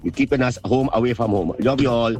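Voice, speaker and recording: Trinidadian man sending radio shout-outs. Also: medium pitch, fast talker, soft background music. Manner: steady, list-like greetings. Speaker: listener sending a voice note.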